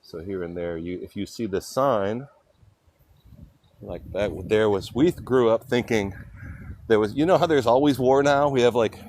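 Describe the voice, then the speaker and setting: An older man with a lowish voice chats his way down a city street, streaming from his phone. His talk rambles from one thought to the next, with faint street sound behind him. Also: moderate pace, darkish tone, slight background noise. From California. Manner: rambling, chatty, reads out viewer names. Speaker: livestream host. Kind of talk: casual walking livestream chat.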